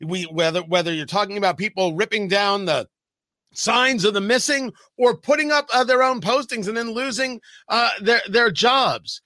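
Male talk radio host, emphatic and pointed, high and forceful tone. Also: expressive, no room sound. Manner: emphatic, reads statements aloud with pointed pauses.

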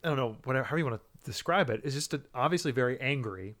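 A man's voice: mid-range voice, expressive, rapid-fire, fairly bright tone. A man co-hosting a podcast in casual chat, rambling and restarting his sentences often. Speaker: podcast co-host.

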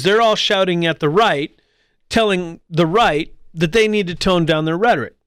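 A man's voice: high voice, clean tone, dry recording, clean studio sound. A man hosting a political commentary show, arguing his point and now and then mimicking squabbling voices mockingly. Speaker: podcast host.

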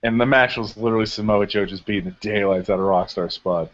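A man co-hosting a casual podcast, retelling events with lively, acted-out quotes. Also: fast talker. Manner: animated storyteller, acts out quotes in high voices. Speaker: podcast co-host recapping wrestling. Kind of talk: casual chat. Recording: dull lo-fi podcast audio.

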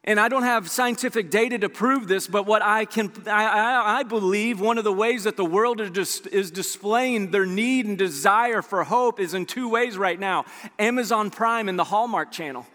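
A man preaching a sermon as a pastor, animated and conversational, acting out quoted voices as he tells stories. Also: high voice, moderate pace, big-room sound.

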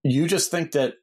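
A man's voice: fairly high pitch, a little mellow, low-quality recording. A man running a tabletop game as game master, narrating in a dry, wry way.

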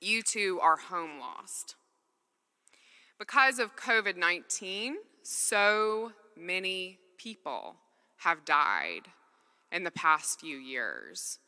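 Bright-voiced woman preaching in an echoey hall. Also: fairly low pitch, very animated, slow. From Mississippi, US. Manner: earnest, conversational, acts out dialogue. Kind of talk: sermon with personal storytelling.

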